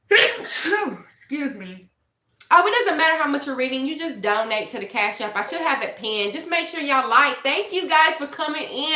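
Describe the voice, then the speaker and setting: A young adult woman hosting a casual tarot livestream, animated and laughing often as she talks straight to her chat. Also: a little high, roomy sound. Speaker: tarot reader and livestream host.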